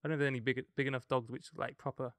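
A man co-hosting a casual chat, arguing his point quickly. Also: medium pitch, little pitch movement, a bit bright, no room sound. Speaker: podcast co-host.

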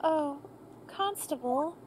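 A woman voicing a sweet, devoted young woman in a fan dub of a game, speaking gently and fretfully. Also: high-pitched, lively intonation, takes it slowly, a little hiss or hum. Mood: tender.

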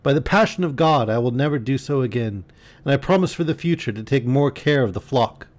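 A man voicing a teenage shepherd boy who pleads desperately, pitched well above his own voice. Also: lively intonation, brisk, lightly acted. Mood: begging.

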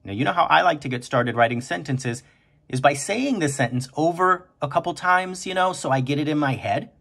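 Husky man teaching kids to write. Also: a little high, expressive, a bit bright. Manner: slow, encouraging, stretches out words aloud. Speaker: teacher and podcast host. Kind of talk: kindergarten writing lesson.

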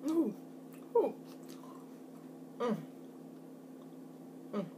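A woman's voice: on the high side, very animated, extremely slow, mellow, slight background noise. A woman talking casually to her viewers while eating on camera, chatty and folksy, often saying "y'all". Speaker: food vlogger. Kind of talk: casual mukbang chat to camera.

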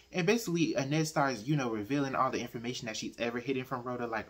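A man with a husky, slightly raspy voice retelling a novel's plot. He talks casually and with opinions, jumping in with his own reactions. His pitch sits in a middling range. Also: fast talker, few pauses. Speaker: book reviewer. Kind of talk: casual book discussion.

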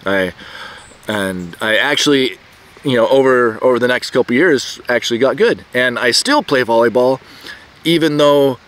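Middle-aged man, casual self-told story, halting delivery full of restarts, mid-pitched voice, outdoors. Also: fairly bright tone. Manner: rambling, halting, many restarts and fillers. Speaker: vlogger telling a personal story. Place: outdoors, birds nearby.

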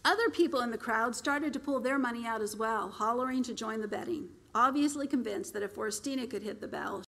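A woman author reads aloud from her own novel in a steady, expressive storyteller's manner. Her voice sits a touch high for a woman. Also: fairly quick, vocal fry. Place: public library.

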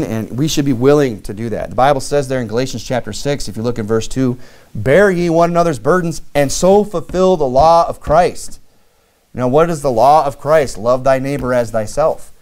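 A man preaching a sermon in a conversational way, with frequent fillers and lively acted-out dialogue. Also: mid-range voice. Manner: conversational preaching, many "you know" fillers, acts out lively quoted dialogue. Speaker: pastor.

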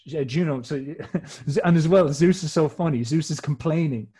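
A man's voice: on the high side, normal speed, warm tone, breathy edge. A man explaining ideas in a rambling casual talk, swearing freely and restarting sentences often. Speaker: podcast host.

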